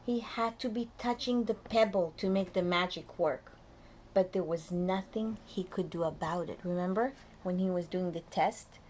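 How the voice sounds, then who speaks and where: A woman reading a picture book aloud to young children as their preschool teacher, lively and often dropping to a soft whisper to talk to them. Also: mid-range voice, a little hiss or hum.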